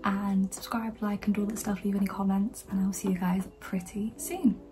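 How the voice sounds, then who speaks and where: A young woman, chatting casually in a book review vlog and often speaking in a hushed whisper. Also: medium pitch, steady tone, moderate pace, music in the background, rough recording. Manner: often whispering late at night, enthusiastic. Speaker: book vlogger.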